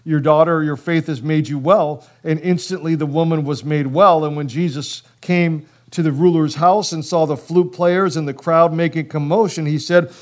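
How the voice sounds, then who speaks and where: Male pastor, fairly high voice, chatty animated sermon full of acted-out dialogue. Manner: casual slang, quick bursts.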